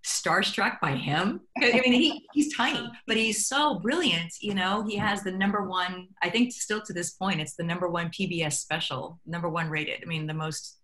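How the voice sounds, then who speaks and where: A middle-aged woman talks as a guest in a relaxed interview, her tone bright and forward though her pitch sits on the low side. She tells stories easily and slips into the voices of people she quotes. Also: moderate pace, few pauses. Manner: animated storyteller acting out quoted dialogue. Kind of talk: conversational interview.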